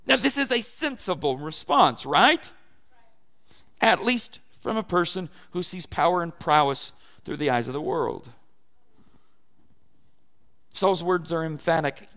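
A man preaching a sermon as pastor, animated, moving between loud and soft. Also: on the high side, a little slow, pauses often.

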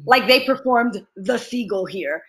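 Animated, laughing woman actress telling stories. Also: on the high side, a little slow. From United States. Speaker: actress, interview guest. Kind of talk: casual interview storytelling.

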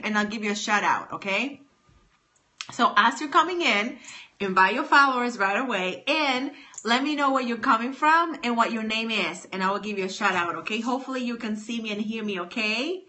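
A woman hosting a livestream greets her viewers by name in a bubbly, welcoming, casual chat. Her voice is a little high, pushed and bright, picked up on a phone or webcam mic.

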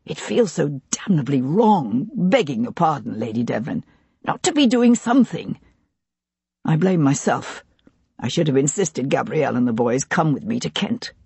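Grieving, desperate gentleman in his thirties, husky and halting. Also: medium pitch, very animated, no echo, exaggerated voice. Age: 30s. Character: grieving young gentleman, brother of missing woman. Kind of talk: audiobook character reading.

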